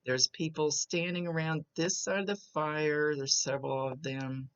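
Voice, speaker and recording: A woman psychic medium talks a client through a reading and relays images as they come to her, with many small restarts. Her voice has a gravelly edge. The recording is dull and lo-fi. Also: deep voice, steady tone, moderate pace. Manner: chatty, describing visions as they come with restarts.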